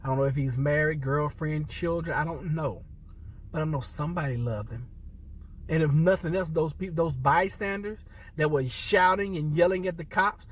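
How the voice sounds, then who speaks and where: A man's voice: a little high, moderate pace, distant mic, slight background noise. An upset man, a military veteran, speaking earnestly to viewers, repeating himself and restarting phrases as he holds back tears. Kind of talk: impassioned personal commentary to camera.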